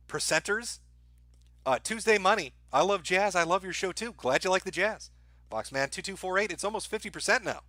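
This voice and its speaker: A male livestream host reads through viewer donation messages in a dry, offhand way, with plenty of "uh"s and crude, irreverent asides. His voice is a bit high for a man, bright and sharp-edged, and the sound is close and dead with no room or echo.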